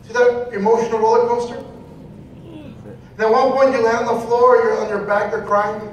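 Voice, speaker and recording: A motivational speaker with a very high, steady male voice talks at normal speed in a lo-fi recording. His seminar talk is preachy and repetitive, full of repeated phrases and questions fired at the crowd. He is heard from a distance in a reverberant hall over faint noise.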